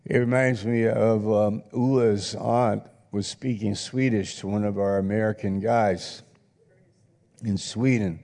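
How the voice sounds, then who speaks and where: A man's voice: on the low side, fairly even intonation, measured pace, gravelly, warm tone. A male pastor preaching a sermon, earnest and reflective, reading scripture aloud in a church hall. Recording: long reverb in a hall.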